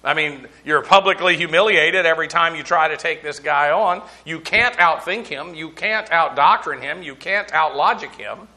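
A man with a bright voice, a little high for a man, teaches a verse-by-verse Bible lesson in a conversational manner at a moderate pace with few pauses. He breaks down Greek terms, spelling them out letter by letter, and uses frequent fillers.

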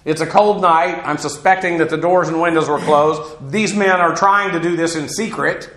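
A man's voice: fairly high pitch, steady tone, normal speed, fairly bright tone, reverberant. A man teaching through a Bible passage verse by verse, folksy and digressive, with asides and chuckles.

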